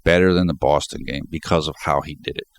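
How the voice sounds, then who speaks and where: A man's voice: rumbling low, fairly even intonation, quick pace, no room sound. A man hosting a basketball fan channel, talking emphatically through a stuffed-up nose and repeating words as he builds his points. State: congested, stuffed up. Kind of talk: sports commentary vlog.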